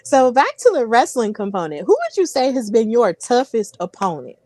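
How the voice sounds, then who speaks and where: A woman's voice: a little high, big pitch swings, moderate pace, a little mellow, no room sound. A woman hosting a wrestling podcast, chatty and giggly, often repeating herself. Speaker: podcast host. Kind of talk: casual podcast interview.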